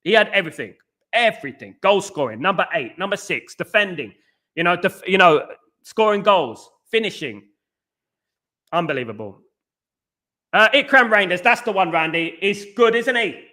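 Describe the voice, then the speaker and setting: A man's voice: sits high, normal speed. A man, hosting a casual livestream, chatting with viewers, breaking into chants and repeating himself. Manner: excitable, sings and chants, repeats phrases. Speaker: livestream host. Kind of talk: casual live chat reading comments.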